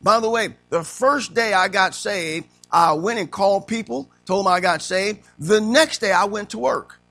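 Male preacher with a bright, gravelly tone, teaching interactively and emphatically. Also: sits high, moderate pace, faint music behind. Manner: asks the room questions and acts out stories. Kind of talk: interactive sermon.

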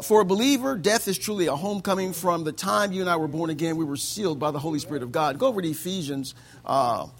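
High, gravelly-voiced male pastor preaching. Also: fairly bright tone. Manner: conversational preaching, peppered with "amen" and chuckles. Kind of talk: sermon. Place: church service with congregation.

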